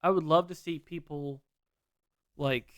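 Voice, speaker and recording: A man co-hosting a podcast, chatting about wrestling in an excitable, jokey, rambling way. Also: on the high side, measured pace, clean tone, no room sound, studio quality. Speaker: podcast co-host. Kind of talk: casual wrestling chat.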